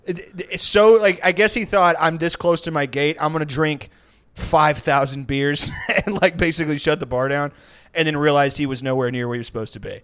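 A man chatting casually on a comedy podcast, telling a rambling story with laughs and quick put-on voices. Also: fairly high pitch, a bit bright, smooth.

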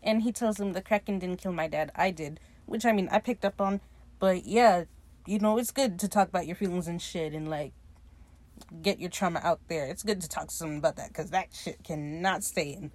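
A woman hosting a podcast, casually recapping a TV episode in an animated, gushing, profane way. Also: lowish voice, a little fast. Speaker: podcast host.

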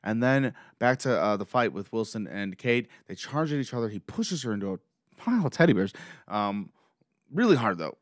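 A man excitedly recapping a show episode scene by scene, gushing like a fan. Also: fairly low pitch, moderate pace, no echo, studio quality.

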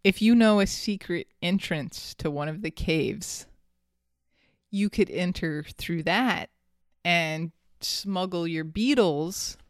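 A podcast host telling a story in casual chat, animated and quick to laugh. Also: mid-range voice, clear, resonant tone, dry recording, clean studio sound. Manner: animated, laughing often, some restarts.

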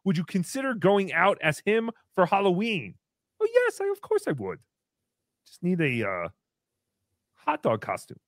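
Goofy, high-pitched male stream host. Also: moderate pace, long pauses, no echo, clean studio sound. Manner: goofy, animated, swinging between squeals and mumbles. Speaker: livestream host. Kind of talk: comedic live-stream chat.

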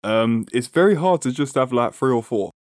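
A man's voice: mid-range voice, expressive, normal speed, a little mellow, no echo, studio quality. A young man with a London accent co-hosting a podcast in casual, slangy banter, swearing freely and laughing often. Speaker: podcast co-host.

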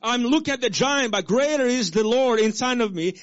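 A male pastor preaching a sermon with call-and-response to the congregation, swinging between loud exhortation and soft low asides. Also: lively intonation, brisk. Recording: dull lo-fi sermon recording.

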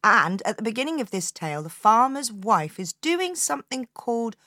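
A woman hosting a storytelling podcast, telling a folk tale to children in an expressive, inviting way. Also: a little high, normal speed, no echo, studio quality. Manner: expressive, inviting the listener to join in.

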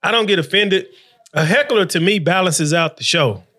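A man's voice: sits high, expressive, moderate pace, sharp tone. A man, a comedian guest, talking in brash, profane banter. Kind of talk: casual chat.

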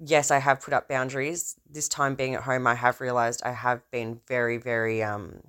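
A woman with a low, deep-set speaking voice, trained as an opera singer, rambles through a casual podcast monologue. Her tone is smooth and resonant. She restarts her sentences often and leans into theatrical emphasis. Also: flat delivery, moderate pace, fairly bright tone. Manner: rambling, self-interrupting, theatrical swings in emphasis. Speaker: podcast host.

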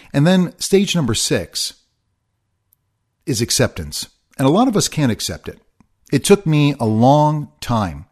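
A middle-aged man hosting a solo podcast, talking in an earnest, confessional way and repeating his phrases. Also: medium pitch. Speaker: podcast host.

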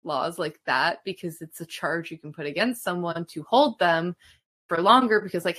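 Bright-voiced woman with a Minnesota twang. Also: on the low side, normal speed. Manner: emphatic and profane, with rising outbursts. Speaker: podcast co-host. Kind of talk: casual chat.

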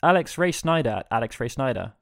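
A man co-hosting a gaming podcast in casual, jokey chat, reading announcements briskly. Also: mid-range voice, expressive, creaky, no echo, clean studio sound. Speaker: podcast co-host.

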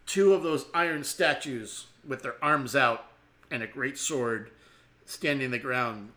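A man's voice: fairly high pitch, bright, forceful tone. A man running a tabletop game as game master, chatty and laughing often.

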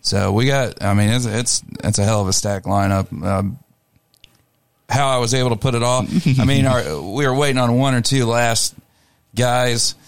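A young man co-hosting a radio show, talking in a relaxed, laid-back way. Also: medium pitch, normal speed, clean tone, dry recording. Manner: relaxed, laid-back, talks through lineups. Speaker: radio co-host and show promoter. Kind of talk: casual radio chat.

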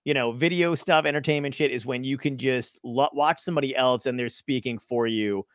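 A man's voice: mid-range voice, a little fast, fairly bright tone, no room sound, studio quality. A man hosting a casual interview over a video call, talking with enthusiasm and casual swearing. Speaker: podcast host.

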